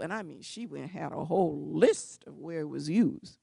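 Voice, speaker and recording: A woman speaks to a live audience, spinning a story with wry, lively humor. Her voice has a gravelly edge, and the sound is close and dry. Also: deep voice, moderate pace, few pauses, no room sound. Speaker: civil rights lawyer.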